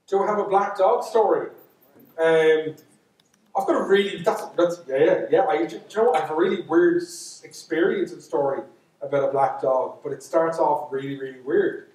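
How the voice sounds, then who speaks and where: A man's voice: a little high, normal speed, darkish tone. Man, Dublin Irish accent, storyteller, rambling jokey asides, very echoey hall, distant mic. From Ireland. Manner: chatty, joking and self-mocking, many asides and restarts. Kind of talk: storytelling lecture to a live audience. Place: lecture hall.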